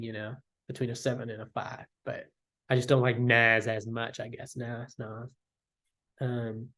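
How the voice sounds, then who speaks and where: A young man ranking his favorite albums in casual chat, enthusiastic and rambling, slangy and full of fillers. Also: mid-range voice.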